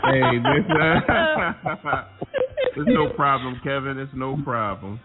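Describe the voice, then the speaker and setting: A man's voice: mid-range voice, sing-song, slow. A man with a Philadelphia accent joking and laughing in casual chat as a co-host. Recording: phone-like line with clear music.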